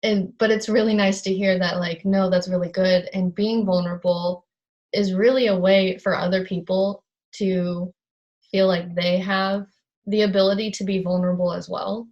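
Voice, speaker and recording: A woman's voice: mid-range voice, little pitch movement, normal speed, a little mellow, lo-fi sound. A young woman on a video call, chatting earnestly about a book and correcting herself as she goes. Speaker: co-host of a book discussion. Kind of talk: casual chat.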